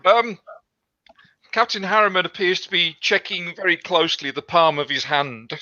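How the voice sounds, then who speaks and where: A man's voice: sits high, steady tone, moderate pace, pushed and bright, no room sound. A man playing a tabletop game, describing his character in a dry, understated way. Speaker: player. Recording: muffled lo-fi mic.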